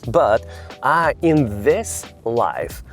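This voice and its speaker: A man's voice: medium pitch, sing-song, very slow, soft background music. A man with an Eastern European accent vlogging outdoors at a busy tourist spot, chatting playfully with strangers. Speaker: travel vlogger. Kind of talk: casual vlog chat with strangers. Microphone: handheld camera.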